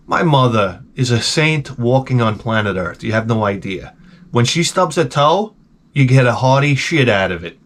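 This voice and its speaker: Animated, wry man in his forties. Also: mid-range voice, moderate pace. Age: 40s. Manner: animated, rambling, profane and wry. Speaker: vlogger. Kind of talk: casual storytelling monologue.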